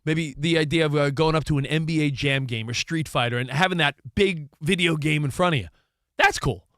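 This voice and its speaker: A middle-aged man co-hosting a casual sports talk show, telling jokey, excitable stories. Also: on the high side, brisk, no echo, clean studio sound.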